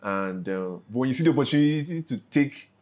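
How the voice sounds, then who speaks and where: A man hosting a podcast, chatting casually with a guest in a relaxed, slangy way. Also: medium pitch, fairly quick. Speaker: podcast host. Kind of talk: casual interview chat.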